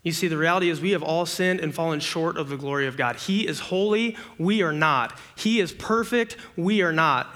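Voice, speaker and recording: Bright-voiced young man preaching conversationally. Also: fairly high pitch. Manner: conversational, asks the audience rhetorical questions; acts out everyday scenes with sudden bursts of excitement. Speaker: campus ministry preacher. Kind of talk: sermon.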